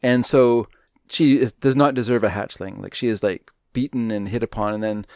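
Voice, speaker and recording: A man's voice: fairly low pitch, steady tone, moderate pace, darkish tone, no echo, studio quality. A man co-hosting a movie podcast, chatting casually and rambling with many restarts. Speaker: podcast co-host.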